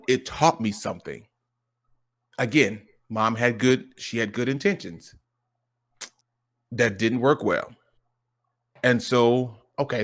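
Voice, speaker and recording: A man in a casual, heartfelt chat, talking with lively emotion and frequent restarts. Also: medium pitch. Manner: animated, emotional, lots of restarts and quoted dialogue. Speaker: streamer.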